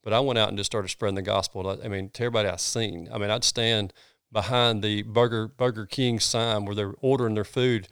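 Earnest Southern pastor telling stories. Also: male voice, fairly low pitch, brisk, clean tone, dry recording, clean studio sound. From North Georgia, US. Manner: earnest, animated storyteller with folksy sayings. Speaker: pastor, guest. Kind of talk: casual storytelling interview.

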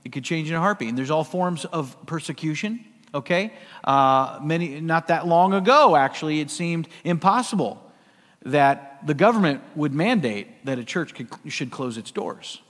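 Middle-aged pastor preaching, fairly high voice, big echo in the sanctuary, goes loud then quiet. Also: male voice, animated, normal speed. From US West Coast. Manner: conversational, dynamic, swings between loud and hushed. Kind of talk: sermon.

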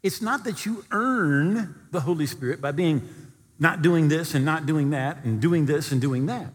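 A man preaching a storytelling sermon, animated and at times near-shouting. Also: a little high, a little slow, in a large hall.

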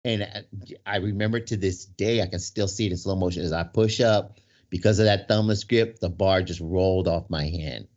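Male storyteller with a low voice, loose and rambling, heard on dull lo-fi audio. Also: moderate pace, a little mellow. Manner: rambling, full of "right?" and restarts. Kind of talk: casual storytelling in conversation. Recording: dull lo-fi sound.

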